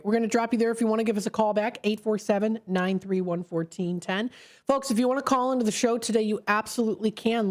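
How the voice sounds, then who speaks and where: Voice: mid-range voice, darkish tone. A local radio host talks on a live call-in show. The delivery rambles and restarts, full of fillers, and is picked up close on a studio microphone.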